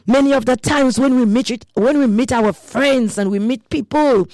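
A woman hosting a radio devotion, praying and preaching with slow, emphatic rhetorical questions. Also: sits high, dark tone, no echo. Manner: fervent preaching with prayers and scripture.

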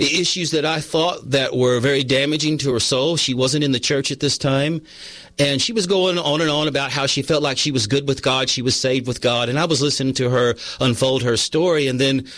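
A man's voice: medium pitch, fairly bright tone, no echo. A man preaching a sermon on confession, telling personal stories in an earnest, conversational way. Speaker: pastor.

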